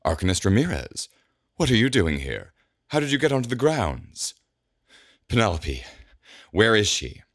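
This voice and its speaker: Guy voicing a rich estate owner all flustered and indignant, kinda raised pitch. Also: sing-song, moderate pace, pauses often, a bit bright, no room sound, clean studio sound, heavily acted. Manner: indignant, protesting.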